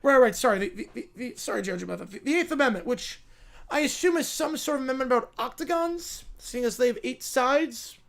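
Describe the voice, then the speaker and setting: A man's voice: very high-pitched, animated, brisk, vocal fry, full character voice. A man voicing a bumbling, apologetic Canadian male lawyer who stammers and apologizes constantly. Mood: flustered.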